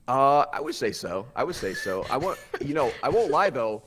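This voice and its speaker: A young man telling a personal story on a podcast, animated and often stumbling over his words as he acts out what others said. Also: medium pitch, normal speed, a loud crowd. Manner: animated, acts out quotes with voices; stammers and restarts often. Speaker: podcast guest. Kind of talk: casual storytelling.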